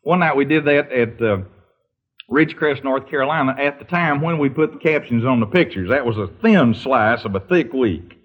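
A man's voice: mid-range voice, lively intonation, normal speed. A man telling funny anecdotes in a folksy, rambling storyteller's way, now and then laughing or singing a line. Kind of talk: humorous storytelling. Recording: dull lo-fi recording.

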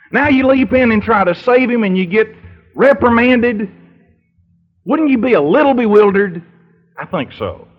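A male preacher who retells a story with drama and keeps asking his listeners questions. His voice sits high and leaps animatedly up and down. It sounds slightly husky, heard on a dull, lo-fi recording. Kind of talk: storytelling sermon.

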